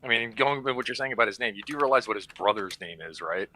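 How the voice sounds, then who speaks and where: A man's voice: medium pitch, fast talker, bright, forceful tone, a little hiss or hum. A man on a casual stream, teasing dryly and bluntly correcting the others. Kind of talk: casual hangout stream chat.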